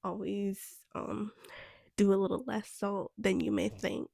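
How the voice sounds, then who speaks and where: A woman's voice: mid-range voice, level tone, measured pace, vocal fry, warm tone, husky, no echo, studio quality. A young woman cook chatting casually about kitchen mistakes, rambling with lots of "like" and "um". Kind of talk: casual vlog chat.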